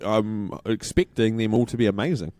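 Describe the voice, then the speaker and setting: A man's voice: fairly low pitch, normal speed, darkish tone, no room sound, studio quality. A man, co-hosting a podcast and telling stories in casual chat, acting out other people's lines. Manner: storytelling, acting out quoted voices. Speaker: podcast co-host.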